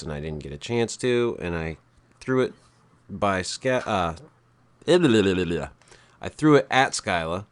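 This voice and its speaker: Deep-voiced laid-back male podcast host. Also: clean tone. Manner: calm, low-key radio-style delivery; rambling, with frequent fillers and profanity. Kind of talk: casual webcast chat.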